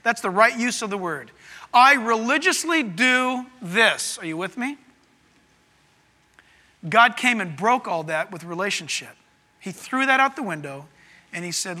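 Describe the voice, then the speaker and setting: High, bright-voiced preaching pastor. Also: male voice, unhurried, pauses often, big-room sound. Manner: animated preaching, swings from soft to loud. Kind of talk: sermon.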